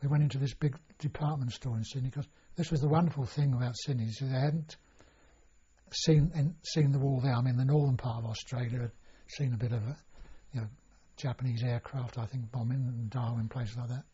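A man's voice: mid-range voice, fairly even intonation, brisk, warm tone, husky. An older man telling a long personal story in an oral history interview, rambling and full of fillers and restarts. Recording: dull lo-fi recording.

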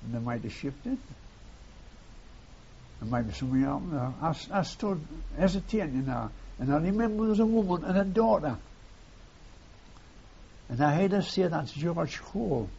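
A man's voice: a little high, lively intonation, normal speed, creaky, long pauses, warm tone, slightly rough. An older man, reminiscing in a rambling way and ending his phrases with "see". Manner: rambling, repeats phrases, tags lines with "see". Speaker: war veteran interviewee. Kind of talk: oral history reminiscence. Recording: dull lo-fi tape with faint hiss.

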